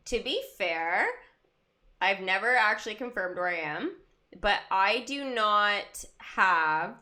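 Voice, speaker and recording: Young woman, livestream host, casual chat, giggly, rambling, bright crisp voice. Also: medium pitch. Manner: giggly, chatty, rambling, laughs often. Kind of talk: casual chat with live chat viewers.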